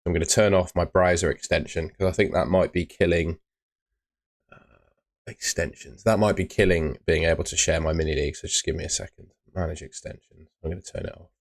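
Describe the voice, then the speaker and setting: Low-voiced man chatting on stream. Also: steady tone, brisk, vocal fry. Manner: chatty, reads out viewer comments with filler words. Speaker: host of a fantasy football live stream. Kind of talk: casual live-stream chat.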